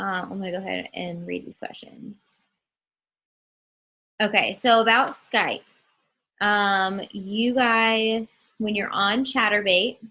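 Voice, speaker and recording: A woman runs a group training call over her computer mic. She talks slowly and casually, filling pauses with ums, and her voice is bright and forceful. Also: medium pitch, low-quality recording. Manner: slow and chatty, many ums, addresses listeners as guys. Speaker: trainer for new webcam models.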